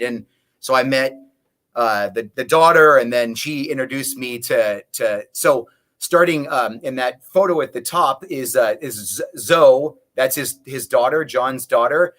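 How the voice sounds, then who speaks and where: A guest musician in a casual interview speaks at a moderate pace in a fairly high, slightly bright voice. He rambles through long stories and restarts often.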